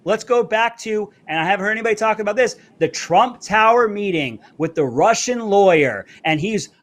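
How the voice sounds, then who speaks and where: A man hosting a live political commentary stream, talking brashly and fast. His voice sits high for a man. He plugs his merch between rants. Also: lively intonation, a bit bright. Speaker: show host. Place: Florida.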